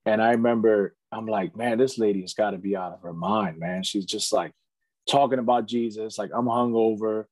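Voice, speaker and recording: A man in his thirties talks through his life story with earnest candor. His voice sits somewhat low, and the sound is dry and close, with little room around it. He keeps leaning on "you know" and "man" as he goes. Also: fairly even intonation, moderate pace, darkish tone, dry recording. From United States. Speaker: podcast guest. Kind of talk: candid storytelling in casual conversation.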